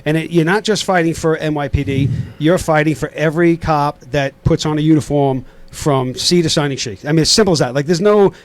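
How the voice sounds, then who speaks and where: A man's voice: fairly high pitch, brisk, few pauses, no room sound. A middle-aged man from Queens with a New York accent, hosting a casual podcast interview and rambling with lots of fillers and restarts. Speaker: podcast host.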